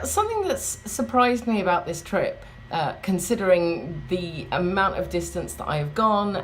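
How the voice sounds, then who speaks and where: A woman's voice: deep voice, a little hiss or hum. A woman chatting in a rambling, wry way, vlogging from a hotel room. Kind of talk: casual vlog chat.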